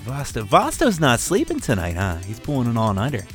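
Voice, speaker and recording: A man co-hosting an internet radio show in casual, rambling chat, reading out shout-outs and chuckling often. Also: medium pitch, huge pitch swings, fairly quick, faint music behind. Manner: laid-back, rambling, chuckles a lot.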